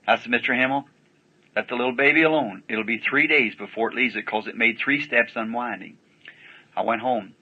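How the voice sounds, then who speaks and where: On a dull, lo-fi archival recording, a man with a husky, medium-pitched voice tells a story from the pulpit. His sermon is folksy and plain-spoken, with rustic grammar.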